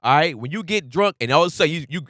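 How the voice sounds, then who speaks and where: A man co-hosting a podcast, ranting in casual chat and acting out friends in loud bursts. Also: fairly high pitch, rapid-fire, no room sound, clean studio sound. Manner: animated, ranting, acts out drunk friends with loud outbursts. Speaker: podcast co-host.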